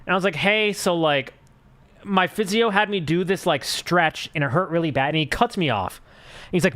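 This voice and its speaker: A man's voice: high-pitched, normal speed, a bit bright. A young man chatting casually on a live stream, telling a rambling story full of fillers and swearing.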